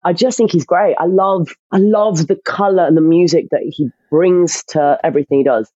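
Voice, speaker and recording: An actress chatting as a guest in an interview, telling lively stories with lots of restarts. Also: female voice, fairly low pitch, normal speed, no room sound, dull audio. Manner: animated storyteller, frequent restarts. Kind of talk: casual interview chat.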